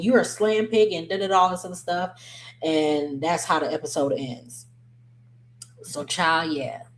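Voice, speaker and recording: Woman recap vlogger, low voice, casual and opinionated, rambling with ums. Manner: chatty, digressive, frequent ums and self-corrections; slangy, opinionated commentary. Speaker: reality TV recap host.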